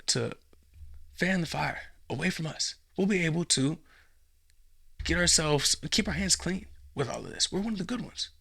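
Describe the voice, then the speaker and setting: A man's voice: a little high, vocal fry, sharp tone. A man hosting a podcast, giving mocking, emphatic commentary with lots of repetition. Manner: mocking and emphatic, with many repeats. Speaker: podcast host.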